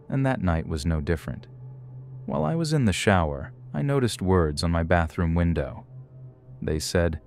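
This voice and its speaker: A man reading true horror stories aloud in steady, measured scripted narration. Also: deep voice. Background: faint background music.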